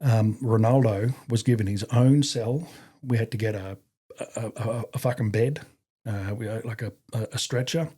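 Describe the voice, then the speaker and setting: A medium-pitched, dark, slightly rough voice belongs to a man in his fifties with an Australian accent, an army veteran interviewed as a guest. He keeps a steady tone and moderate pace while rambling through stories with fillers and casual swearing.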